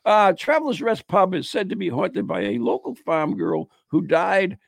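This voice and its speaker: A man's voice: high-pitched, huge pitch swings, normal speed, vocal fry, no room sound. A man co-hosting a podcast, casually reading ghost stories aloud with joking, mock-grim asides. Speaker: podcast co-host.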